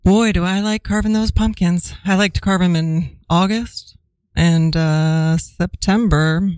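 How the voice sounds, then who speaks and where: A woman's voice: lowish voice, fairly even intonation, measured pace, a little mellow, no echo, lightly acted. A woman improvising a menacing partner who carves pumpkins with a knife, sweetly threatening. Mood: playful.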